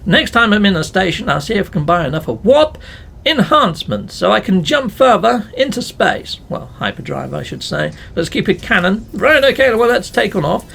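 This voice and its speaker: Playful man with a gravelly voice. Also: sits high, big pitch swings, normal speed, fairly bright tone. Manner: playful, mild swearing, chatty to viewers. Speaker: let's play gamer. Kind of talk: casual game commentary.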